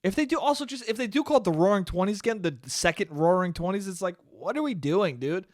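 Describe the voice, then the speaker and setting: A young man hosting his own podcast, ranting alone in a casual, profane, animated way and calling listeners "dude.". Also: sits high, fast, no room sound, studio quality. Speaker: podcast host. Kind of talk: solo podcast rant. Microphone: studio mic he checks the levels on.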